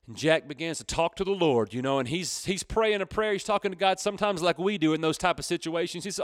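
A man's voice: fairly high pitch, expressive, moderate pace, no room sound, clean studio sound. A man preaching on a radio program, telling stories and repeating key phrases for emphasis. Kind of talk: radio sermon.

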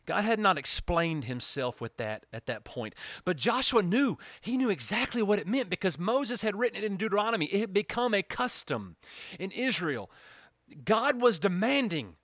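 A man's voice: high-pitched, sing-song, moderate pace, a bit bright, dry recording, clean studio sound. A man preaching a sermon with emphatic, dramatic delivery, acting out the voices he quotes.

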